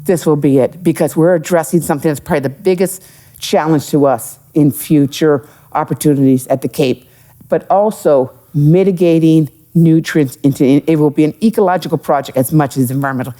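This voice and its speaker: Middle-aged woman guest, chatty storyteller cracking jokes, lowish mellow voice. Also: fairly quick. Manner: animated storyteller, jokes and asides. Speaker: economic development executive, podcast guest. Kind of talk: live podcast interview with audience.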